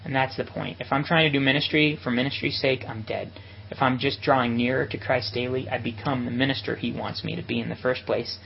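A man's voice: mid-range voice, steady tone, brisk, creaky, hardly any pauses, lo-fi sound, slight background noise. A man giving an earnest, reflective sermon to ministry workers at a retreat.

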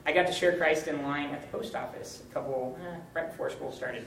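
A young man gives a lively, joking teaching talk to a college group. His voice sits a little high and comes from some distance off the mic. The room is echoey with a faint background hum. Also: brisk, gravelly. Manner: upbeat, joking, animated. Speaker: campus ministry speaker.

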